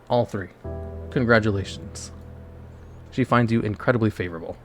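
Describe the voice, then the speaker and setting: A man's voice: on the low side, moderate pace, pauses often, fairly bright tone. A man casually narrating a choose-your-own-adventure game live for his chat, playful and loose. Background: background music.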